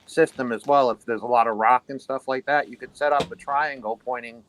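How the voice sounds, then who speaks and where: A man's voice: medium pitch, fairly even intonation, brisk, fairly bright tone, a little hiss or hum, low-quality recording. A man with a New York accent, a guest on a casual chat, giving practical tips step by step.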